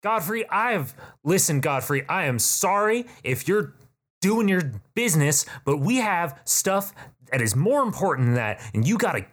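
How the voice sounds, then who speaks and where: A man plays a tall armored warrior woman who is brash, blunt and always in a hurry. The voice sits raised above his own and is loud and direct. She talks roughly and bluntly. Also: fairly high pitch, sing-song, unhurried, pitched above the performer's own voice, full character voice. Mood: urgent. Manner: blunt, pushy, rough-mouthed.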